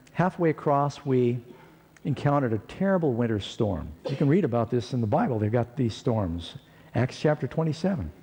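A male preacher tells a personal story with real animation, his pitch leaping as he acts out what people said. His voice is mellow and a little husky. The sound rings with the long reverb of a large hall. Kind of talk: sermon storytelling.

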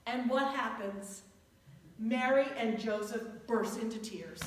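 A woman pastor delivers a sermon at an unhurried pace, her voice sitting high. She mixes warm storytelling and gentle humor, drawing out key words for emphasis. The sound is a distant mic in a very echoey church. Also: background noise. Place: church sanctuary.

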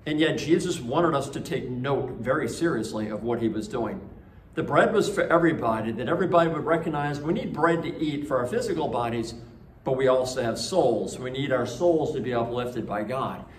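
A man's voice: mid-range voice, expressive, a little fast, slight background noise. A man preaching a conversational homily at a school Mass, telling stories with frequent restarts. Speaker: priest. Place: church. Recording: echoey church.

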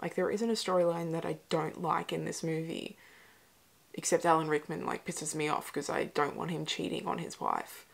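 A woman's voice: sits low, sing-song, moderate pace, gravelly, slightly rough. A young woman hosting a casual movie reaction, chatty and emotional, with whispered asides. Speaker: host.

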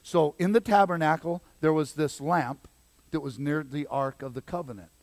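A man preaching a sermon as pastor, swinging between loud exhortation and quiet emphasis. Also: fairly high pitch, normal speed, no echo.

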